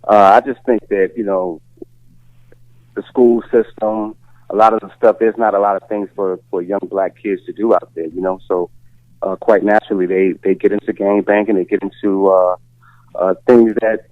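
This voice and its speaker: A man from Chicago talks over a tinny, phone-like line, his voice fairly low and dry. He speaks in a relaxed, easygoing way, filling his sentences with "you know" and "uh" as a guest answering interview questions. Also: normal speed, no room sound. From Chicago, USA. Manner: relaxed, filler-heavy talk with many "you know"s. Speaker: guest singer.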